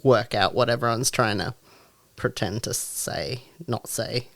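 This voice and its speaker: Podcast co-host, casual chat, frank, direct, middle pitch, dry studio sound. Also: measured pace, creaky, no room sound. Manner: frank and direct, with rising exclaimed asides.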